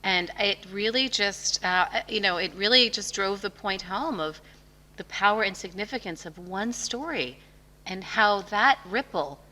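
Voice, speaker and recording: A woman's voice: mid-range voice, unhurried, bright, forceful tone. A woman author being interviewed, talking with passion and emphasis, telling stories. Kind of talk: conversational interview. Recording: long reverb of a hall.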